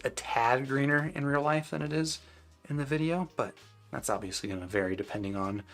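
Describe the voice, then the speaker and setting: A man's voice: mid-range voice, fairly bright tone. A man hosting a live stream, casually answering viewers' chat questions with loose, rambling talk full of fillers and restarts.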